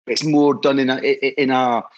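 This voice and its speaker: A Scottish man who heads a historical society appears as a guest, telling stories in a casual, enthusiastic and rambling way, often restarting his sentences. His medium-pitched voice is steady and brisk, and the highs are cut off.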